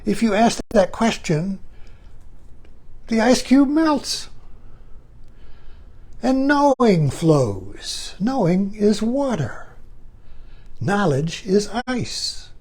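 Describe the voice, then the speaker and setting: Slow, husky man asking searching questions. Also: high-pitched, big pitch swings, darkish tone. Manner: slow, emphatic, with long pauses and repeated questions. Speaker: spiritual teacher. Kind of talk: reflective spiritual talk.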